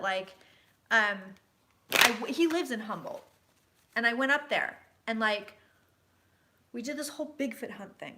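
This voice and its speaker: A tipsy woman in her thirties reading tarot, chatting loudly and swearing as she tells stories. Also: on the high side. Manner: loud, sweary, excitable storyteller. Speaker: tarot reader and host. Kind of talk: casual tipsy chat.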